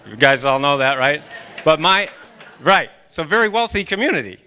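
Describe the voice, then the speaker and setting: A man in his forties from Maine speaks as a guest at a church service. His voice is high for a man and clear. He swings his pitch widely as he acts out his own inner voice and tosses questions to the audience. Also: big pitch swings, moderate pace, sharp tone. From Maine, USA. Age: 40s. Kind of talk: motivational talk at a church service. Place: church sanctuary during a live service.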